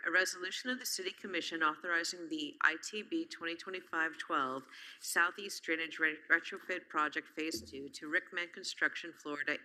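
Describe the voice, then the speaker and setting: A woman city clerk reading a resolution aloud in a brisk, formal recitation. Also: low-pitched, sharp tone, low-quality recording.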